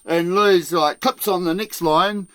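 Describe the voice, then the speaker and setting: Swearing man telling a story, bright and dry. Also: high-pitched, steady tone, unhurried, no echo. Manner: profane, laughs often, acts out other people's shouting. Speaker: podcast host telling a work story. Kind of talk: casual storytelling.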